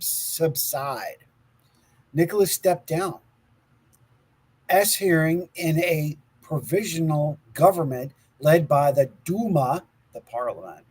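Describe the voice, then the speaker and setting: Husky guy on a chill podcast, laughs a lot, kinda stumbles reading his notes out loud. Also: a little high, rough recording. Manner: laughs often, stumbles over words while reading aloud. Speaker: podcast co-host. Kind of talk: casual conspiracy podcast talk, reading from notes.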